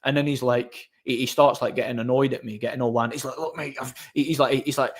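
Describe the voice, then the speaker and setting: A man's voice: medium pitch, steady tone, fast. A man, casually telling a story as host of his own channel, repeating words and using many fillers.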